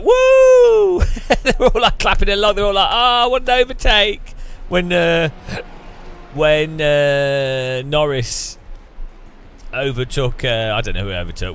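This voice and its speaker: Sarcastic, animated English man. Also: mid-range voice. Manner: joking, sarcastic, laughs a lot. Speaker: streamer. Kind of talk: casual chat while sim racing.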